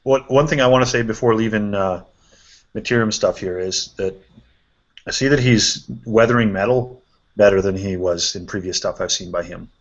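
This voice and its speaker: A man hosting a casual chat, reviewing painted miniatures in a relaxed way and thinking aloud with fillers. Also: lowish voice, moderate pace. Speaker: host. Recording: dull lo-fi sound.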